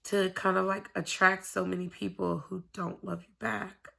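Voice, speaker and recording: Bright, gravelly woman vlogging at home. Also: mid-range voice, little pitch movement, moderate pace. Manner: candid, rambling, swears freely. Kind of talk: casual confessional chat to camera. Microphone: camera.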